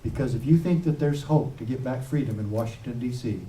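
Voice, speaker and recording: A man's voice: mid-range voice, brisk, slight background noise. Impassioned man speaking in an echoey room. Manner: forceful, rising to emphatic loud peaks. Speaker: former sheriff giving a talk. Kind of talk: impassioned public speech. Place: event room. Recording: echoey room heard from a distance.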